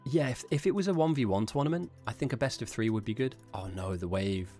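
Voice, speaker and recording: A man's voice: medium pitch, quick pace, warm tone, soft background music. A man live-streaming esports commentary, chatting casually and self-mockingly with his viewers between calls of the action. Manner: chatty, self-mocking, rambling asides to chat.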